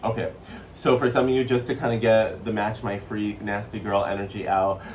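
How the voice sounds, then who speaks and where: Sassy low-voiced man reading tarot. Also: normal speed, distant mic, slight background noise. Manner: playful, sassy, slips into joking accents; chatty, excitable. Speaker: tarot reader. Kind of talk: casual spiritual tarot reading.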